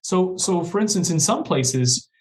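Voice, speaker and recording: A man's voice: high voice, animated, unhurried, noisy background. A man, a guest professor, talking earnestly in a podcast interview with many restarts.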